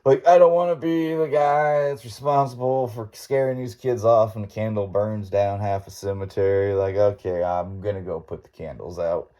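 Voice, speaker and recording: A man's voice: on the low side, fairly even intonation, moderate pace, hardly any pauses, mellow. A man hosting a podcast, telling a story in a rambling, laid-back way with folksy grammar and frequent chuckles. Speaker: podcast host. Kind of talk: casual storytelling monologue.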